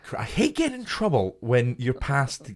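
A man's voice: mid-range voice, normal speed. A man, a comedian and podcast co-host, telling a story in casual chat, swearing heavily and acting out what people said. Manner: animated, swears heavily, acts out quotes.

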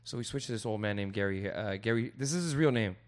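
A young man in casual chat, telling rowdy stories and swearing a lot, acting out loud quoted voices. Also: lowish voice, quick pace.

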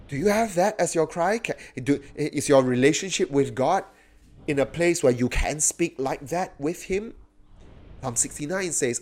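A man preaches with a voice pitched a little higher than most. He is animated and often lifts his voice sharply to act out the pleading cries of the psalms. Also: moderate pace. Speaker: pastor. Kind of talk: sermon.

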